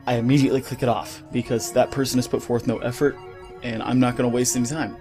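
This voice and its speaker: Man, ranting vlog, swears a lot, rambling, studio mic, quiet music in back. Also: mid-range voice, fairly even intonation, a little fast. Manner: heated, profane, rambling rant. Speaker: gaming YouTuber. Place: home recording setup. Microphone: studio mic with pop filter.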